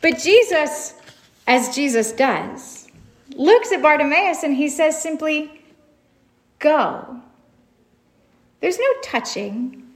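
Slow, high-voiced woman preaching. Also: animated. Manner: reflective, storytelling with rhetorical questions. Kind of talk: sermon.

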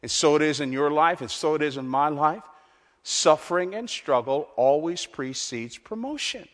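A man preaching a sermon in a church, emphatic and repetitive, swinging between loud, lifted lines and hushed ones. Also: a little high, expressive, normal speed. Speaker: pastor. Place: large church hall. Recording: long reverb of a large hall.

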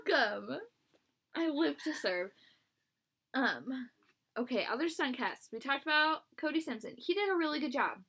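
A young woman co-hosting a podcast in casual chat, chatty and giggly, with quick asides. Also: high-pitched, lively intonation, a bit bright. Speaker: podcast co-host.

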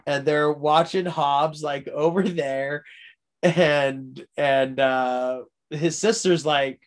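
A man's voice: on the high side, steady tone, slow. A young man in casual podcast chat, rambling through a story with many fillers and frequent laughs.

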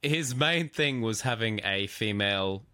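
A man's voice: fairly low pitch, expressive, unhurried, bright, forceful tone, dry recording. A man with an Australian accent, co-hosting a podcast in casual, joking chat. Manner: playful, joking. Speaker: podcast co-host and YouTuber.

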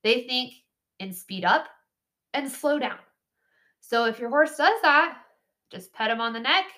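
A woman's voice: sits high, unhurried. A woman hosting a horse training podcast, giving casual, chatty coaching with frequent laughs and "right?" asides. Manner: chatty, animated, laughs often, says "right?" and "like".

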